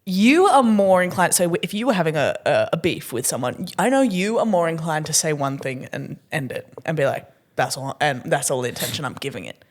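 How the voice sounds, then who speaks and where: A young woman from Australia co-hosting a podcast, chatting casually and acting out quotes with sudden pitch jumps and laughter. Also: animated, brisk, hardly any pauses. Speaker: podcast co-host, comedian. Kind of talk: casual chat.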